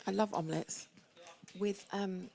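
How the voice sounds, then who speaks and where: A woman's voice: mid-range voice, steady tone, unhurried, vocal fry, dark tone. A woman giving casual live poker commentary, chatty and playful in her banter.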